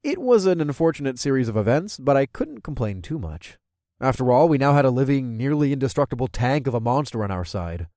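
A man's voice: medium pitch, very animated, a little fast, darkish tone, no room sound, clean studio sound. A man reading a first-person story aloud in a casual, chuckling manner. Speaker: audiobook narrator. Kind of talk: first-person audiobook narration.

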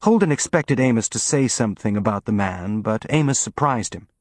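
A man narrating an audiobook in an even, measured reading. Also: on the low side, dry recording, studio quality.

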